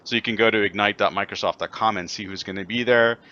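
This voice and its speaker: A man's voice: lowish voice, steady tone, quick pace, pushed and bright, lo-fi sound. A man co-hosting a casual chat show, easygoing and upbeat, sharing his own conference habits. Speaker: podcast co-host.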